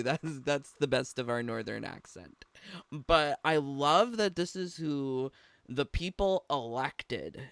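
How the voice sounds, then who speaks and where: Guy doing a reaction vid, talks slow, smooth clean voice, giggles and swears a lot. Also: medium pitch, no room sound. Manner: giggly, sweary, rambling asides. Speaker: reaction video host. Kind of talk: casual reaction commentary.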